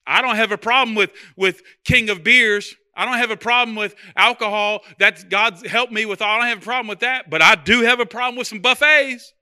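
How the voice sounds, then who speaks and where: A man's voice: high-pitched, fairly quick, few pauses, bright, forceful tone, clear, resonant tone. A man preaching a sermon as pastor, talking in a loose, conversational way with humor and repeated phrases.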